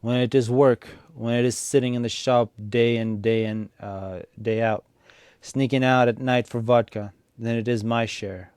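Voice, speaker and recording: A man's voice: mid-range voice, steady tone, measured pace, smooth, no room sound, clean studio sound, close to an everyday voice. A man reading as a furious young peasant wife. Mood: furious, bitter. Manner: shouting, bitter.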